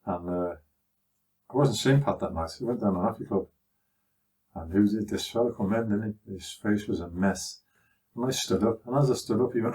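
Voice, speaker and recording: An older man from Liverpool with a broad Scouse accent, talking over his memories in a relaxed, anecdotal way. His voice sits fairly low and lands a little distant from the microphone. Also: moderate pace. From Liverpool, England. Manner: chatty anecdotal telling, acting out others' voices. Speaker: father recounting his life. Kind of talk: conversational life-story storytelling.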